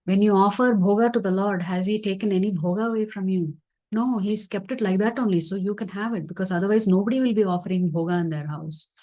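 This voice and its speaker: A woman teaching scripture through a story, acting out the dialogue in an earnest, gentle way during an online session. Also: mid-range voice, quick pace. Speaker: spiritual teacher.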